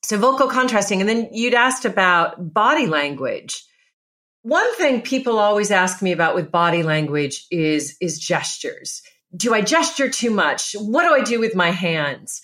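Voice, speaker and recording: A woman's voice: mid-range voice, very animated, unhurried, a bit bright. Middle-aged woman, presence coach, emphatic and instructive; mid-range voice. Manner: emphatic, instructive, lists steps. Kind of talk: podcast interview advice.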